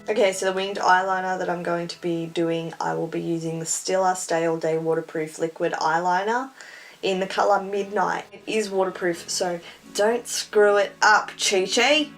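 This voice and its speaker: A woman's voice: on the low side, creaky. A young woman chatting casually and self-mockingly through a makeup tutorial. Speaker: beauty vlogger.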